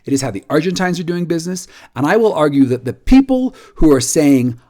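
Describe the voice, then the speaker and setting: A man with a fairly high voice whose pitch swings widely. He talks in a casual, emphatic way and acts out other people's lines as he tells a story. When he gets excited, he repeats his words. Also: brisk. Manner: animated storyteller acting out quoted dialogue. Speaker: nonprofit leader. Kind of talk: casual video update.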